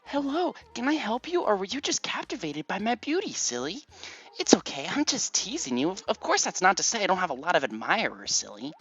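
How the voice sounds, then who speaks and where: A giddy, flirty female cat from a cartoon life game, squeaked out by a man, teasing everyone with a sing-song lilt. The voice sits far above a man's normal range. The recording is slightly muffled and lo-fi. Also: huge pitch swings, fairly quick, pushed and bright, slightly rough, full character voice.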